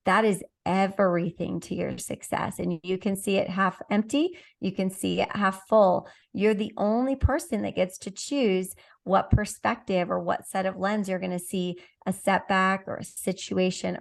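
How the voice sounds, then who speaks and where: A woman guest on a podcast, a business coach talking with an energetic, emphatic coaching tone. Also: mid-range voice, gravelly. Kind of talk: motivational conversation.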